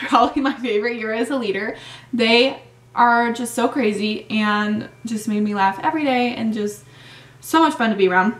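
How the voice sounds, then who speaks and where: A young woman vlogger chatting casually through a Q&A, full of "like" fillers, with a slightly hoarse voice. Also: on the high side, fairly bright tone, recorded from a distance. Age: young adult. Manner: chatty, many "like" fillers, laughs often. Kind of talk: casual Q&A chat. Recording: echoey room, mic set back.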